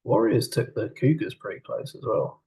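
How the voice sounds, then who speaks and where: A man co-hosting a casual podcast chat, hesitant and trailing off, with quiet laughs. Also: mid-range voice, wildly swooping pitch, moderate pace, vocal fry, breathy edge, low-quality recording. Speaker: co-host.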